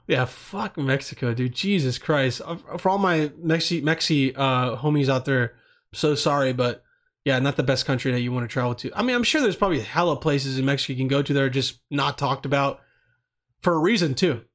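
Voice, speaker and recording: A man's voice: mid-range voice, animated, fairly quick. A young man rambling through questions in a casual, profane monologue, often trailing off and restarting. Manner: rambling, profane, laid-back. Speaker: vlogger answering questions.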